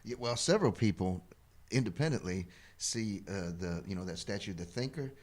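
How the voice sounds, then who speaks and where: A man on a comedy show's crew chiming in politely and softly, answering the host with "yes, sir.". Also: fairly low pitch, animated, normal speed. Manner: polite and soft-spoken, says "yes, sir". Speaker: crew member on the show. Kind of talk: casual chat.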